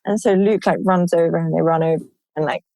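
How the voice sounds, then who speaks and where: Candid woman with a low voice. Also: fast, gravelly, no echo, low-quality recording. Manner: candid, animated retelling, many "like" fillers. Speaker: guest sharing her birth story. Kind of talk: personal storytelling in a conversation.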